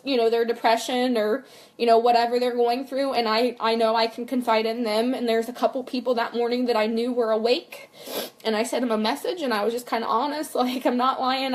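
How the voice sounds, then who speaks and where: A young woman and mother talking candidly in a personal vlog, earnest and rambling, full of fillers and "like". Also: on the high side. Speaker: vlogger and mother.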